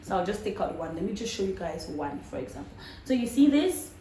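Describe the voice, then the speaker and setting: A Cameroonian woman with a Cameroonian accent, talking to her viewers in a chatty, animated vlog. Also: fairly low pitch, a little fast, echoey room, slight background noise, rough recording. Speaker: vlogger. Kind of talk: casual vlog talk to camera.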